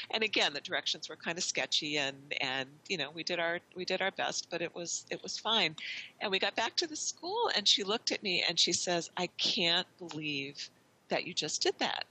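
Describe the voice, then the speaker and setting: A middle-aged woman with a very bright, ringing voice tells a story at length as a podcast guest. She talks in a chatty way, full of restarts and quoted dialogue. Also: fairly low pitch, lively intonation, fairly quick, breathy edge, low-quality recording. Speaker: wayfinding consultant, guest.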